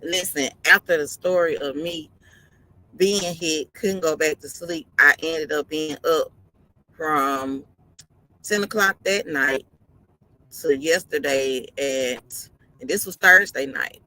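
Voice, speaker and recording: A woman's voice: deep voice, takes it slowly, sharp tone, rough recording. A woman truck driver talking casually on a live stream from inside her parked truck cab, tired and yawning, earnestly repeating her advice.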